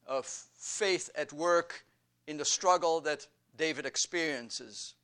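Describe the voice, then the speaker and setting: A male pastor delivers a sermon at an unhurried pace. His voice sits high for a man, and he leans on repetition to build emphasis line by line. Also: sharp tone, clear, resonant tone. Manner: slow, deliberate preaching with emphatic repetition.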